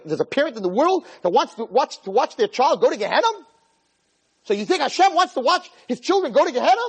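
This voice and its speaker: Brief: an expressive male preacher with a husky, fairly high voice who storytells to a class of girls. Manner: animated, storytelling, acts out dialogues. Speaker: Torah lecturer. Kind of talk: lively sermon to a class of girls. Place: room with a live audience.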